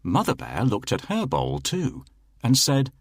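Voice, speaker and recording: A man narrating a children's fairy tale in a slow, expressive storytelling manner. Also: medium pitch, no room sound, clean studio sound.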